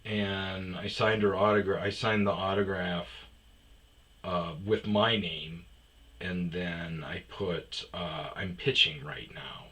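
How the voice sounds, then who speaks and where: Low, bright-voiced man rambling through stories. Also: fairly even intonation, slow pace, rough recording. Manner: rambling, with frequent "uh" and restarts; mimics other people in a higher voice. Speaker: podcast host. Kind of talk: casual personal storytelling.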